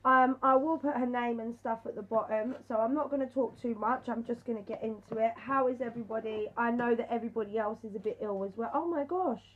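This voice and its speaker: A woman, ill and a little hoarse, excitedly unboxing craft mail in a casual vlog and gushing with thanks. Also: fairly high pitch, fast, few pauses, phone-quality sound. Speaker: craft YouTuber.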